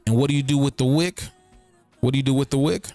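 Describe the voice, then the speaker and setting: A man's voice: mid-range voice, quick pace, dark tone, dry recording, soft background music. A man hosting a livestream in a casual, rambling commentary style. He repeats himself and keeps checking in with his listeners. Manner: breaks words apart and riffs on them. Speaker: streaming show host.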